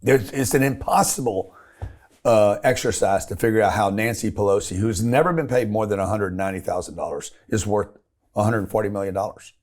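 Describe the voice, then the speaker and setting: A man's voice: on the low side, a little fast, darkish tone. A man talking bluntly and emphatically as an interview guest, in casual slangy speech. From United States.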